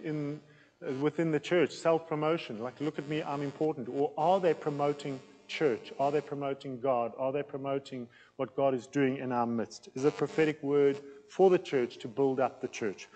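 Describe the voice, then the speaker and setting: A man preaching a teaching sermon in a plain, loud, conversational way, with an accent that he says can sound aggressive. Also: on the high side, fairly even intonation, moderate pace, big-room sound, poor audio. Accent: non-local accent in England. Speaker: pastor teaching a series.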